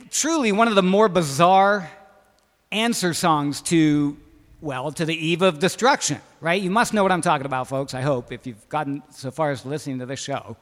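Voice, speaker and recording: A man's voice: sits high, fairly bright tone, long reverb tail. A man hosting a radio music show, talking loosely and rambling with hip slang. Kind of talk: casual radio banter.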